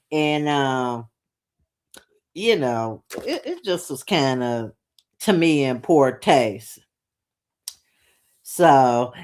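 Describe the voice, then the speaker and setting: Animated blunt woman recapping TV. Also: deep voice. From Detroit. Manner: animated, blunt and profane, with slangy grammar. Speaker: reality TV recapper. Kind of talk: casual recap commentary.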